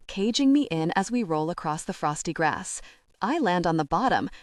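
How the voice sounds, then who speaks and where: A woman narrating a first-person romance audiobook in an intimate, measured reading. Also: lowish voice, dry recording, clean studio sound.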